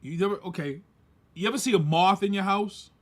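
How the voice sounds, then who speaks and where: A man, co-hosting a podcast and telling a story casually, animated and laughing as he acts out quoted voices. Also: high-pitched, fairly quick. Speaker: podcast co-host.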